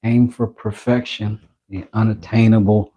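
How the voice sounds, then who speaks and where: A man's voice: fairly low pitch, level tone, measured pace, warm tone, lo-fi sound. A man talking to himself and his viewers while working on a project, rambling and joking as he goes. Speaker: maker filming his workshop. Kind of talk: casual workshop vlog.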